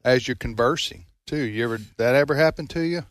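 A man's voice: mid-range voice, fairly quick, no echo. Rambling man hosting a fundraiser. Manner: rambling, repeats words, laughs often. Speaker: radio fundraiser host. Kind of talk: casual studio chat.

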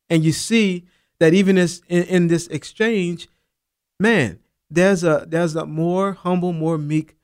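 A man's voice: high voice, fairly even intonation, takes it slowly, long pauses, darkish tone, smooth. A man teaching a Bible lesson in a casual, earnest way, dropping in asides like "man" and "you know.".

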